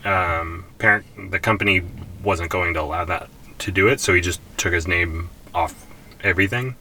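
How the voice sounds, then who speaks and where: A man's voice: deep voice, moderate pace, bright, forceful tone. A man co-hosting a podcast in casual chat, playful and trying out silly voices. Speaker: podcast co-host.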